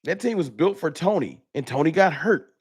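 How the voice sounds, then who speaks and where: A man's voice: a little high, animated, moderate pace, darkish tone, slightly rough. A man hosting a live stream, ranting heatedly and swearing with repetitive, emphatic points in a casual talk.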